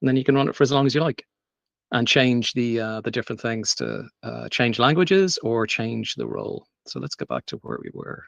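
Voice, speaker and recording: A man's voice: mid-range voice, sing-song, a little fast, vocal fry, a bit bright, dry recording. A man giving a live tech demo at a meetup, talking casually with frequent fillers and restarts. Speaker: meetup presenter. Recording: dry, dull lo-fi sound.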